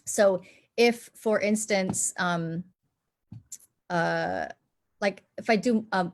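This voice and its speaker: Woman, dialect coach, animated explainer; demonstrates accents mid-sentence. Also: mid-range voice, takes it slowly, long pauses. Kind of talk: live panel discussion.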